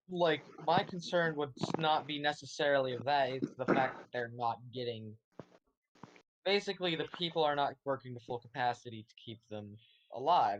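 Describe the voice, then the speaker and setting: A man's voice: medium pitch, lo-fi sound. A man playing a tabletop game, stating his actions in a blunt, matter-of-fact way. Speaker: player. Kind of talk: tabletop play.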